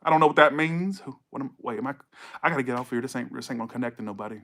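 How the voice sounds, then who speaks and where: A man's voice: medium pitch, rapid-fire, fairly bright tone. A man giving a casual tarot reading to camera, blunt and profane, scolding viewers and repeating himself for emphasis. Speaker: tarot reader.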